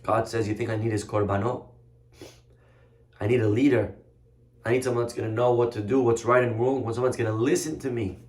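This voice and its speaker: A man voicing an old prophet, a stern and patient man who speaks calmly and measuredly. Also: mid-range voice, a little fast, long pauses, natural voice. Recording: roomy echoey room.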